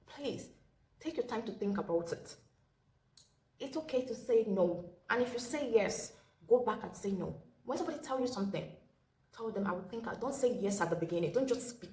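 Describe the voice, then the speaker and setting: A woman's voice: mid-range voice, darkish tone, slight background noise. A woman telling a personal story in a casual storytime vlog. She gives earnest advice and often repeats her key phrases. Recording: roomy echo with faint ambience.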